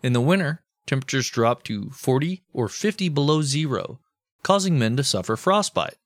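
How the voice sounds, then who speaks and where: A man's voice: medium pitch, animated, moderate pace, dry recording. Man narrating history with irreverent jokes. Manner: irreverent, profane asides. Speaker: podcast co-host.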